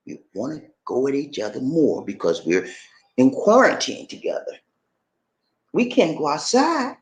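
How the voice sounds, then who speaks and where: A man's voice: fairly high pitch, roomy sound. A man hosting a relationship-advice video, talking in a casual, preachy, playfully pleading way. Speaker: relationship vlogger.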